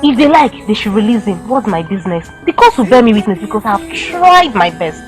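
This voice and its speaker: A woman's voice: medium pitch, very animated, fairly quick, soft background music, natural voice, low-quality recording. A woman with a Nigerian accent playing a bitter, scornful villager. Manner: bitter, scolding. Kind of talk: film acting.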